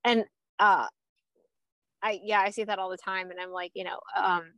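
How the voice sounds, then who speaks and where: A woman's voice: mid-range voice, level tone, moderate pace, bright, forceful tone, no room sound, highs cut off. A woman hosting a casual conversation, mostly listening and adding short agreements. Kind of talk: casual podcast chat.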